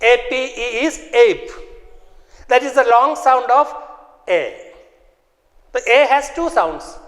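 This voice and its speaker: A man teaching a phonics lesson, repeating sounds and example words slowly and with care. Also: very high-pitched, a bit bright, in a large hall. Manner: slow, repetitive, drills words aloud. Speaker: English teacher.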